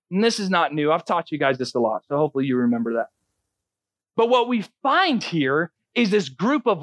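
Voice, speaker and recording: A man's voice: high-pitched, a bit bright, dry recording. A man preaching a sermon as a pastor, earnest and teaching, often restarting his sentences.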